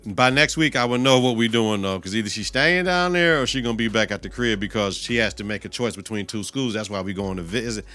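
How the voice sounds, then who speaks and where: A man hosting his own podcast in a loose, profanity-heavy rant. His voice is bright and forceful, and it jumps from loud outbursts to low, muttered asides. Faint music plays underneath. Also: quick pace, few pauses. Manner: animated, heavy cursing, swings loud and soft. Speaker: podcast host.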